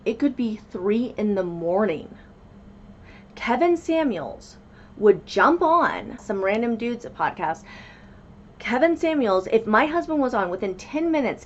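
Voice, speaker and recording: A woman's voice: medium pitch, highs cut off. Emphatic woman vlogger. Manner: animated, emphatic storytelling. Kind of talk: commentary vlog.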